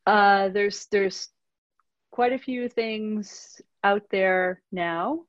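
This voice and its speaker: A woman's voice: mid-range voice, fairly even intonation, drawn-out words, dry recording. A woman answering audience questions in a webinar, hesitant, with many fillers and restarts. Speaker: industry analyst answering questions. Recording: dull lo-fi webinar audio.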